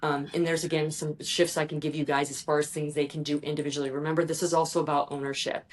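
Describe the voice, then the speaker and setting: A woman guest on a podcast, talking earnestly and telling stories to listeners, now rushing and now slowing down. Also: deep voice, flat delivery, a little hiss or hum. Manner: earnest, storytelling, addresses listeners as "you guys". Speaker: guest, executive performance strategist. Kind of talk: podcast interview talk.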